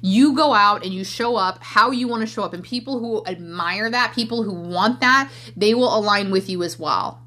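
A woman's voice: mid-range voice, normal speed, few pauses, pushed and bright. A woman in her thirties hosting a podcast, talking candidly and emotionally in a rambling way, full of fillers. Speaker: podcast host and coach. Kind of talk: casual solo podcast monologue.

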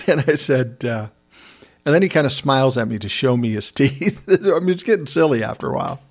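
Brief: middle-aged guy, wry storyteller, laughs a lot, lively pitch. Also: measured pace, pauses often. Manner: wry, laughing, self-described smart aleck. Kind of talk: casual storytelling.

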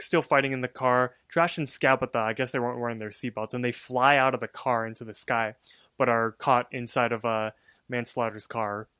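A man's voice: mid-range voice, pushed and bright, clear, resonant tone, no echo, clean studio sound. A man co-hosting a podcast, casually retelling a cartoon episode in a rambling way, full of fillers. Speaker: podcast co-host.

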